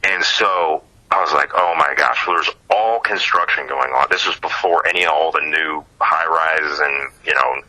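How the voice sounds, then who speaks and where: A man with an extremely deep voice and a very bright, forceful tone tells a story as a guest in a casual interview. He is a singer-songwriter from Ohio, and he is animated, chuckling as he goes and leaning on many fillers. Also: moderate pace, hardly any pauses, low-quality recording.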